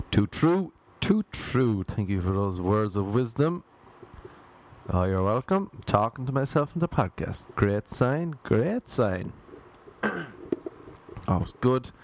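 Low-voiced man rambling on his podcast. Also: darkish tone, slight background noise. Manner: rambling, joking asides to himself. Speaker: podcast host. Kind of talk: casual solo podcast chat. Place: home in Los Angeles.

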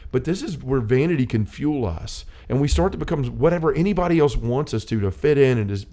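In a mellow mid-range voice, a middle-aged man hosts a faith-based conversation. His personal story comes out earnest and rambling, full of restarts and quoted dialogue.

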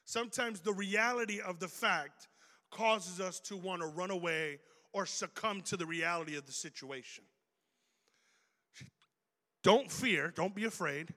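A man preaching a sermon to a room, animated and joking as he makes his points. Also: high-pitched, unhurried, long pauses. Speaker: pastor. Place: church auditorium. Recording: reverberant hall. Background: long hall reverb.

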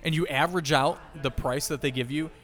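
A man co-hosting a casual podcast recorded in a bar, riffing crude, deadpan jokes. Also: a little high, brisk. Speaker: podcast co-host.

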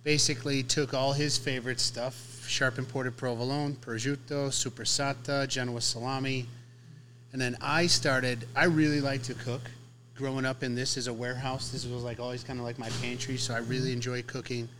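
A man's voice: mid-range voice, little pitch movement, moderate pace, pushed and bright. A middle-aged man from Chicago who owns a sandwich shop, talking casually from inside his shop and explaining things in chatty detail. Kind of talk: casual conversation.

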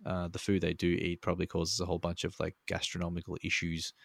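A man's voice: deep voice, monotone, fast talker, gravelly, dry recording. A man co-hosting a podcast over a remote call, talking in a rambling, laid-back way and swearing freely. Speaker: podcast co-host. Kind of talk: casual podcast chat.

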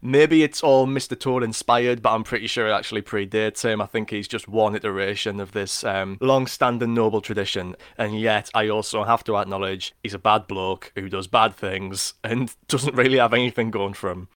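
A man's voice: lowish voice, fairly even intonation, moderate pace, hardly any pauses, fairly bright tone, no echo, studio quality. A man in his late twenties co-hosting a casual podcast, rambling and self-deprecating as he chats about films and books. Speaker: podcast co-host. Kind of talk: casual film review chat.

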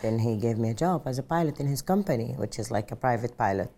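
A middle-aged woman speaks in an unusually deep, dark and mellow voice. She is a pilot recounting her path in an interview. Her delivery is earnest and reflective, with frequent "just like" fillers. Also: expressive, fast talker. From Saudi Arabia. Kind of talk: personal interview storytelling.

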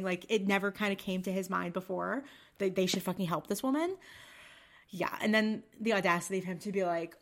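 A woman's voice: mid-range voice, expressive, moderate pace. A woman co-hosting a podcast, chatting casually and emphatically with some swearing. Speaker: podcast co-host. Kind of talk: casual chat.

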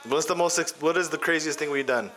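A man with a bright, forward voice chatting on a podcast among friends. He rambles eagerly, restarts his sentences and counts down memorable moments. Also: on the high side, quick pace, faint music behind. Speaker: podcast co-host. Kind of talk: casual chat.

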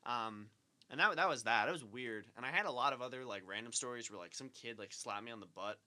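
A man's voice: mid-range voice, quick pace, sharp tone. A young man co-hosting a podcast, telling stories in casual chat with lots of "like" fillers. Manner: rambling, heavy use of "like". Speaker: podcast co-host.

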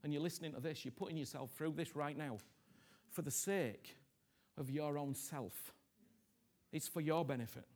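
Man, middle-aged preacher, fairly high voice, hushed then booming, repetitive pleading sermon. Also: moderate pace. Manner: swings from hushed whispers to loud impassioned pleading; repeats himself, asks "you understand me?" often.

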